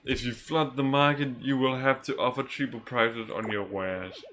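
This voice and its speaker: A man voicing a gruff old bearded shopkeeper who scolds and mentors a young boy, reading game dialogue aloud in a slow, deliberate way. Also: mid-range voice, steady tone, crowd noise, natural voice. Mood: instructive.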